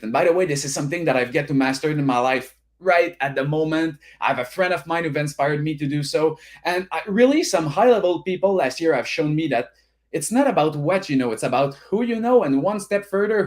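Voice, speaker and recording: A French Canadian man from Quebec hosting an online business summit, energetic and repetitive, peppering his talk with "right?". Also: on the high side. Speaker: summit host. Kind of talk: motivational emcee talk.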